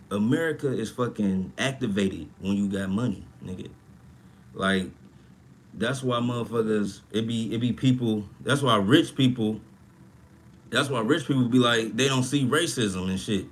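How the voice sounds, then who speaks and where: A young adult man with a mid-range voice hosts a casual livestream about money, speaking at normal speed. He rambles, swears freely and reacts to comments in the chat.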